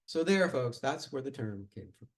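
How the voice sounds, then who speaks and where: A man telling a tall tale at a live storytelling contest, speaking in an animated, dramatic way. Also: mid-range voice, normal speed, poor audio.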